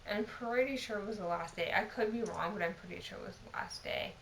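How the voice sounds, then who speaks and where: Gravelly, tipsy young woman ranting. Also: mid-range voice, fast, a bit bright, roomy sound, slight background noise, rough recording. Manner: profane, exasperated storytelling. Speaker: vlogger. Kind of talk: casual storytime monologue.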